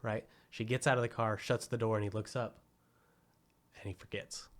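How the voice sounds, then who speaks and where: A man co-hosting a podcast, casually retelling a movie plot in an animated way and leaning hard on "like.". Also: lowish voice, normal speed. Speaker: podcast co-host. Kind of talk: casual film chat.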